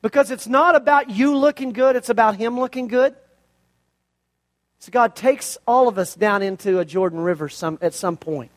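A man giving a sermon, telling a story in a lively way with rhetorical questions and casual asides. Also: very high voice, normal speed. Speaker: pastor.

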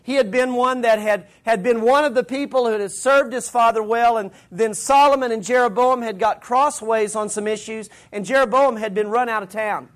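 A man's voice: very high-pitched, moderate pace, few pauses. Conversational male pastor preaching. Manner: conversational, retells scripture in everyday slang. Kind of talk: sermon.

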